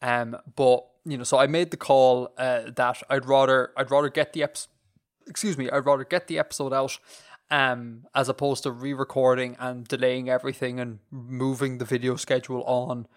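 A man's voice: mid-range voice, flat delivery, moderate pace. A man hosting a casual podcast, rambling in a self-mocking way and often laughing. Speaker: podcast host.

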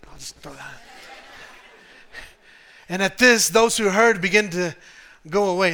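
High, bright-voiced man preaching. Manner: animated, humorous, conversational preaching. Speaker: pastor. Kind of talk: sermon. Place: church in front of a congregation.

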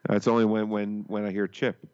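A man's voice: fairly low pitch, flat delivery, a little fast, a little mellow, clean tone. A man co-hosting a podcast, chatting in a playful, teasing way. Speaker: podcast co-host. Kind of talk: casual chat. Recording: dry, dull sounding mic.

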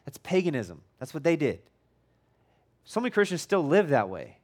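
A male pastor preaching a casual, conversational sermon, often restarting and repeating words, with a tone that can come across as loud. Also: fairly high pitch, very animated, moderate pace. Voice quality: tone that can sound loud or angry.

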